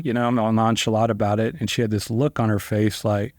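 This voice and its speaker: Speaking at a quick pace, a middle-aged trial attorney guest tells casual stories in loose, conversational phrasing with fillers such as "like" and "you know". He brings quoted dialogue to life with big, sharp pitch jumps. There's no room sound, and the audio is studio quality.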